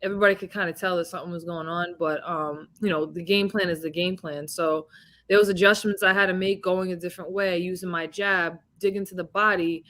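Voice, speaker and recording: A woman boxing champion gives a casual interview over a video call, speaking a little fast with a fairly low pitch. She's an animated storyteller who acts out the voices of the people she quotes.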